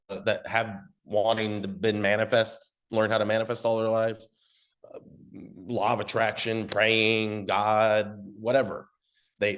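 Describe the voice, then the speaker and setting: On the low side in pitch, a man rambles casually through an ad-marketing lesson, now and then swearing and briefly putting on mocking customer voices.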